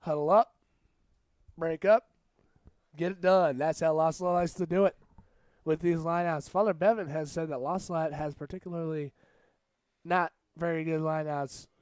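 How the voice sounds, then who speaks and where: A young man calls a school rugby match in a relaxed, joking play-by-play. His voice is smooth and clear and sits a little high, and it is recorded close and dry. He chats between plays and yells out when something big happens. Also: no echo. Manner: jokey, chatty, bursts into shouts at big plays. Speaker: match commentator. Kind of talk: casual play-by-play commentary.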